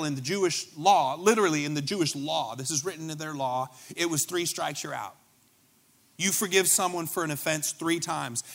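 A young man delivers a sermon with a bright, slightly high voice. He talks the way he would in conversation, full of quick asides and humor as he works through scripture. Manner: animated, conversational preaching with asides and jokes. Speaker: pastor.

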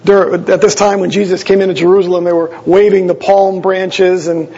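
Male pastor, husky high voice, conversational sermon, dull recording with long reverb. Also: little pitch movement, moderate pace, mellow. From Wisconsin. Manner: conversational, explanatory, with small asides to the congregation.

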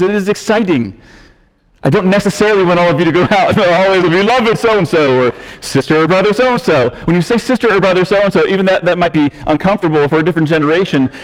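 A man's voice: high voice, long reverb tail, rough recording. A man preaching as a pastor, earnest and conversational, shifting his emphasis as he explains the text. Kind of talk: sermon. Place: church sanctuary.

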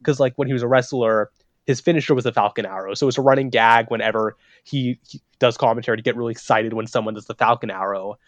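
A man chatting casually on a podcast, talking in an animated, profane rush with "like" scattered everywhere. His voice sits at a middling pitch, and the sound is dry and close with no room around it. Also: quick pace, no echo, muffled recording. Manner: animated, profane, says "like" a lot. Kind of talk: casual chat about wrestling.

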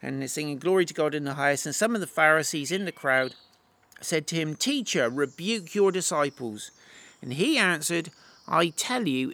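Guy preaching, reads verses then chats about them, kinda high voice. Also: animated, moderate pace, sharp tone. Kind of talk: sermon with scripture reading.

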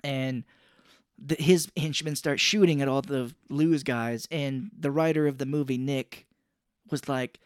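A man's voice: medium pitch, unhurried, dry recording, clean studio sound. A man co-hosting a podcast, retelling a movie plot in casual chat and slipping into put-on voices for its characters. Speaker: podcast co-host.

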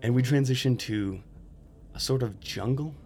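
A man's voice: mid-range voice, normal speed, vocal fry, a little mellow, faint music behind. A man narrating a tabletop game as game master, casual and laughing at times.

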